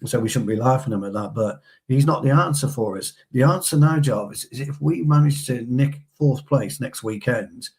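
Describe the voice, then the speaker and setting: A man's voice: mid-range voice, moderate pace, few pauses, a little mellow, breathy edge. A man co-hosting a casual football fan chat, bantering with his co-host. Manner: chatty, banter-filled, addresses co-host as pal.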